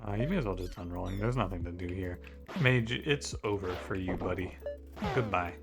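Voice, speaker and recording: A video game streamer with a low voice talks at a moderate pace over background music. He casually comments on his own run, chats with the characters, and bursts out in exasperation whenever luck turns against him.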